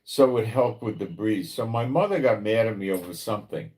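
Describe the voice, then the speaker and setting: Man, lowish voice, rambling religious commentary, rhetorical questions. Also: brisk, a little mellow. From New York, the Bronx. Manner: conversational, rambling, asks listener rhetorical questions. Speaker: prophecy commentator, channel host.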